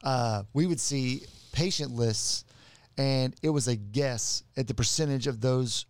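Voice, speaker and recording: A man's voice: medium pitch, a little slow, no room sound. Earnest man explaining. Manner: earnest, explanatory, with frequent restarts. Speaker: podcast co-host, medical practitioner. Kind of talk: casual podcast chat.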